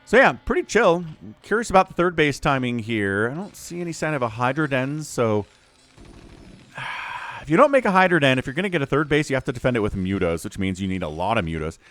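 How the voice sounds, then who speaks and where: A man's voice: mid-range voice, fairly bright tone, no room sound. A man giving casual solo commentary on a strategy game match, chatty and speaking to his viewers. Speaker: StarCraft shoutcaster.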